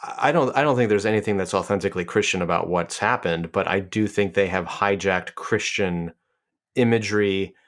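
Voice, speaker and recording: A man co-hosts a podcast panel in a thoughtful, plain-spoken way. He often pauses with fillers as he works out his point. His voice sits somewhat low. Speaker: podcast co-host. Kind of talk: casual panel discussion.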